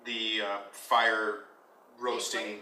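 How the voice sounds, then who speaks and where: A man's voice: lowish voice, level tone, extremely slow, pushed and bright. A man narrating as game master of a tabletop game, laughing often and hesitating with ums. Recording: echoey room from far off, faint noise.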